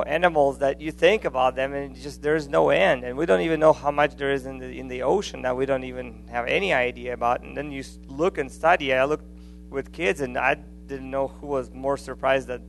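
A man preaching a sermon in a conversational, animated way, often restarting phrases and adding asides. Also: medium pitch, creaky, a little hiss or hum.

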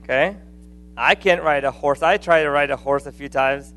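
A man preaching a sermon in a conversational, animated way, often restarting phrases and adding asides. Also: fairly high pitch, normal speed.

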